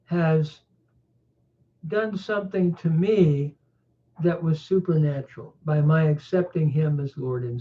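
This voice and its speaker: A man retelling a grateful wealthy businesswoman. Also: fairly high pitch. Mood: joyful. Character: wealthy woman company president, kind and grateful. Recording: tinny phone-like sound.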